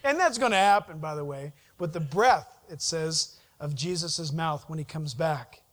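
A man preaching a sermon to a congregation, animated, often putting questions to the listeners and answering them himself. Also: on the high side, normal speed. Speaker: pastor.

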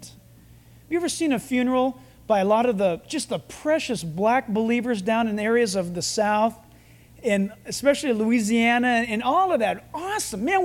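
A male pastor giving a sermon, telling stories and jokes in a conversational way. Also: very high voice.

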